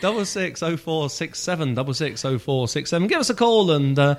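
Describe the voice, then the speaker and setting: A man's voice: fairly high pitch, lively intonation, fairly quick. A man co-hosting a local radio breakfast show in a radio studio, chatty and teasing with casual banter.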